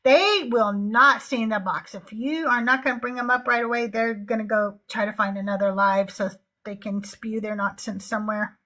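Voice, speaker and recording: A woman's voice: on the high side, steady tone, normal speed, fairly bright tone. A middle-aged woman hosting a live call-in stream, chatting casually and often laughing at herself. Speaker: host of a live call-in show. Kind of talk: casual livestream chat.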